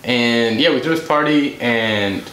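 A man's voice: mid-range voice, a little slow. A man tells a long story as a podcast guest, acting out what each person said. His voice is in the middle range, and it sounds roomy, with a faint hiss behind it. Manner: animated, acts out quoted dialogue. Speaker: podcast guest, music director and producer. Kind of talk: casual storytelling. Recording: roomy room, faint noise.

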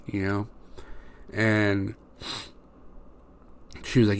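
A man's voice: on the low side, steady tone, normal speed. A young man, a father, telling casual rambling stories about his daughter as a podcast host, full of fillers. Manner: rambling, many fillers like "you know". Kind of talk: casual storytelling monologue.

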